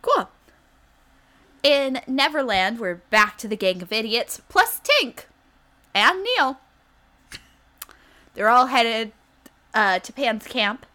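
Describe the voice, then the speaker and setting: Bright-voiced woman recapping with sarcasm. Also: on the high side, very animated. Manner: sarcastic, acts out characters' lines in quick voices. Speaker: podcast co-host recapping a TV episode. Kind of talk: casual comedic recap chat.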